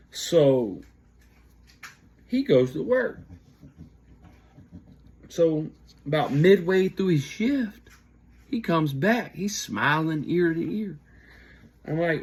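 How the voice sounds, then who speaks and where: Husky man telling prison stories. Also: slow, long pauses. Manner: animated, jumps high when quoting others. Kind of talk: casual storytelling.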